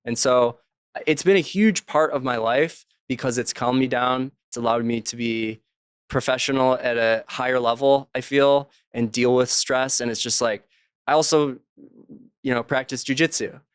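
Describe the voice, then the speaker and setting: Smooth-voiced man telling stories. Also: mid-range voice, fairly even intonation, normal speed, no echo, studio quality. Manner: acts out quoted voices while telling anecdotes. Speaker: author and podcast guest. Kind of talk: casual interview storytelling.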